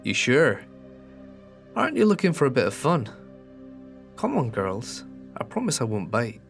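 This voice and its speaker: A man putting on a rough Irish creep. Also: medium pitch, huge pitch swings, unhurried, soft background music, pitched above the performer's own voice, full character voice. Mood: pushy.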